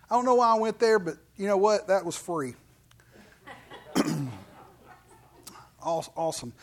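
Man, pastor, high voice, folksy animated sermon, playful asides.

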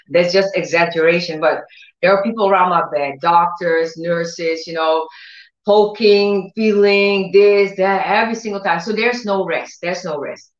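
A woman giving an informal sermon in a lively, laughing way, searching for words and acting out quotes. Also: medium pitch. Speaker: preacher. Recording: echoey, dull lo-fi room.

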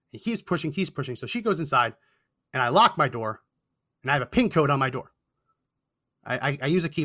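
A man's voice: medium pitch, sharp tone. A young man hosting a talk show, telling a story with indignant sarcasm. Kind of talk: storytelling commentary.

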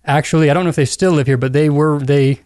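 A man hosting a podcast in casual conversation, chatty and quick with asides. His voice is fairly high for a man. The sound is dry and close on a studio mic. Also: fairly even intonation, darkish tone, no room sound. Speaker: podcast host. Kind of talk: casual chat.

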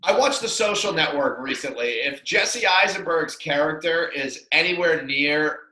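A man co-hosts a podcast in easy casual chat. He throws in quick, laid-back reactions. His bright voice rings out in a roomy, echoing space. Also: a little high. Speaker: podcast co-host.

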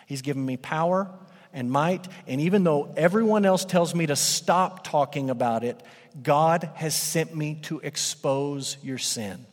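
A man preaching a sermon emphatically, his voice rising and then dropping low for effect. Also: a little slow. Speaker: pastor. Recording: long hall reverb.

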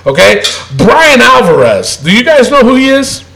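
A man's voice: very high-pitched, very animated, moderate pace, creaky, bright, forceful tone, poor audio. A man on a podcast, ranting in heated casual chat with lots of profanity and emphatic repetition. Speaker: co-host.

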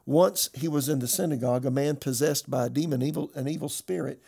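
A man's voice: medium pitch, a little fast, vocal fry, warm tone, breathy edge. A male pastor delivering a sermon with emphasis, reading scripture passages aloud.

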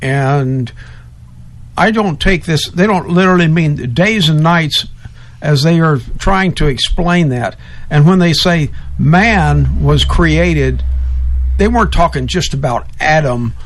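Deliberate, opinionated male radio guest. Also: on the high side, lively intonation. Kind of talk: opinionated talk radio commentary.

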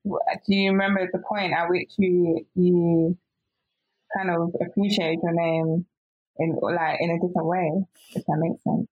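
A woman's voice: lowish voice, little pitch movement, a little slow, breathy edge, no room sound. A woman interviewer asking questions casually and hesitantly, often restarting her sentences. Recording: dull lo-fi sound.

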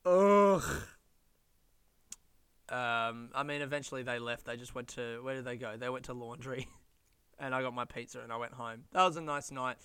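A young Australian man telling stories in a casual monologue, animated, laughing and swearing as he goes. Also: medium pitch, normal speed, pauses often, clean tone, no room sound.

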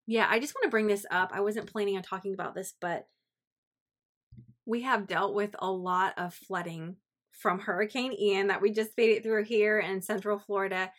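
A woman's voice: mid-range voice, steady tone, normal speed, a bit bright. A woman hosting a devotional podcast, talking earnestly and encouragingly and asking her listeners reflective questions. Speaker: faith podcast host. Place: home in Central Florida.

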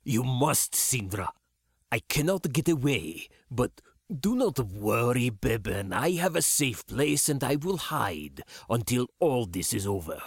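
A man voicing an older commissioner, a weary, grieving father who speaks slowly and heavily. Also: mid-range voice, sing-song, husky, dry recording, clean studio sound, exaggerated voice. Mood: reassuring. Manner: slow, heavy, pleading.

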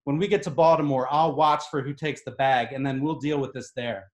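A man voicing a male flight attendant who speaks in a measured, firm way, in an echoey room. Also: medium pitch, steady tone, a little mellow, lightly acted.

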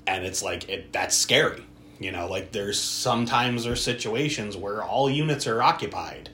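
A man's voice: lowish voice, normal speed, a little hiss or hum. A man co-hosting a podcast, animatedly retelling a film's plot in casual, profane chat. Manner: animated storyteller, swears freely. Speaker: podcast co-host. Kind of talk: casual movie recap chat. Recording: roomy echo.

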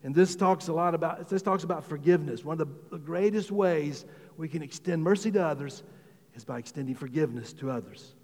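High-voiced preacher in a reverberant hall. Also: male voice, brisk, a little mellow. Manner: conversational preaching with frequent restarts and repeated words; rises in pitch and volume when exclaiming. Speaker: pastor. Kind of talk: sermon.

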